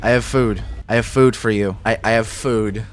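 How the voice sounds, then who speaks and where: A man's voice: fairly low pitch, steady tone, moderate pace, faint music behind. A young man giving casual, profane gameplay commentary, exasperated and talking to his in-game animals. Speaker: gaming video creator.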